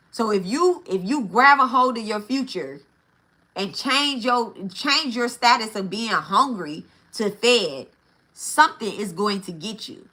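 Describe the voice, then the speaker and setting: Bright-voiced woman teaching bluntly. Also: medium pitch. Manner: blunt and profane, with frequent checks of "right?" and "okay?"; repeats key phrases for emphasis. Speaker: spiritual teacher. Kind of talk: casual spoken teaching.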